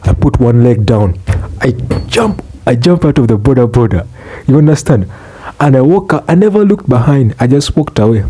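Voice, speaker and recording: A young man ranting in a profane, exasperated comic vlog, swearing and bursting out loudly. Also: mid-range voice, expressive, brisk. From Uganda. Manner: exasperated, swearing, loud outbursts. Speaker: vlogger.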